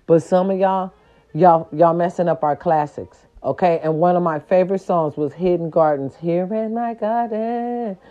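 A woman rants straight at her viewers, sassy, profane and emphatic. Her voice is mellow and warm. The recording sounds a little dull and lo-fi. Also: fairly low pitch, fairly even intonation, normal speed. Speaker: vlogger. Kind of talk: casual ranting monologue.

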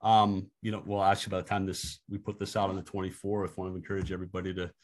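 A man's voice: sits low, monotone, fast. A man hosting a podcast interview, talking loosely with lots of restarts. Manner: rambling, full of fillers and restarts. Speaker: podcast host. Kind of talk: casual interview chat.

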